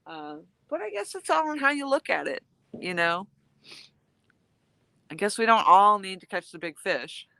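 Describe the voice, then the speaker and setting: A woman's voice: medium pitch, sing-song, moderate pace, gravelly, pauses often, pushed and bright, no room sound. A woman hosting a casual live stream outdoors while fishing, chatting and thanking viewers by name. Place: outdoors, fishing in freezing cold.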